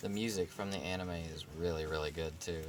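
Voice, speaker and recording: A man hosting a casual unboxing video, talking in a relaxed, rambling way with many fillers and self-corrections. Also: sits low, brisk, over loud music. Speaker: vlog host unboxing a collectible figure. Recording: steady background noise.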